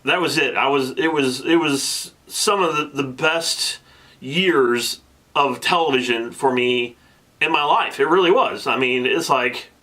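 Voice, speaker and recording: Excitable man telling a fan story. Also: medium pitch, unhurried. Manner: excitable, animated storytelling with many restarts; gets emotional. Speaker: vlogger. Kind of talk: casual storytelling vlog.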